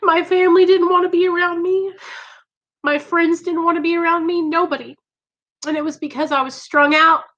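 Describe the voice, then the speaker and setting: A woman with a high, bright voice hosts a live stream. She talks to her viewers in an earnest, emotional way. Her voice has a clear, tense edge. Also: little pitch movement, moderate pace, muffled recording. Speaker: live show host in recovery.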